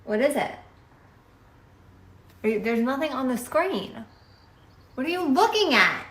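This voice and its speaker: A woman's voice: high-pitched, big pitch swings, unhurried, a bit bright, reverberant, low-quality recording. A woman at home on a phone video, puzzled and teasing as she asks what her partner is doing. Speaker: wife being pranked. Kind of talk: casual home video chat.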